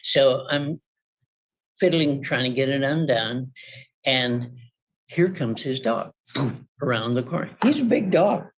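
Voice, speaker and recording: Man giving court testimony, acts out quotes loudly, husky voice, muffled recording. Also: mid-range voice, measured pace, long pauses. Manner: animated, acts out quoted shouting. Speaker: party in a court hearing.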